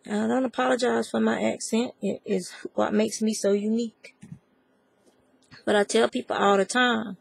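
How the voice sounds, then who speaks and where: A woman from the American South rambles chattily through a crochet tutorial, speaking directly to her y'all audience. Her voice is on the high side, creaky with a breathy edge, steady in tone and at normal speed, recorded with no room sound.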